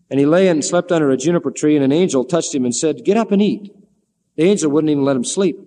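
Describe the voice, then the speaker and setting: A man delivering a sermon, recounting the story with animated energy and voicing the lines he quotes. His voice sits a little high for a man. The sound carries a long hall reverb. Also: fairly quick. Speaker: preacher.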